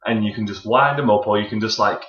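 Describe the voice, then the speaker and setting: A man's voice: on the low side, fast, fairly bright tone. Dude in his 20s, rambly, swears loads, echoey room, kinda muffled. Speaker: podcast co-host. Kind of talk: casual chat. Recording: dull, roomy home recording.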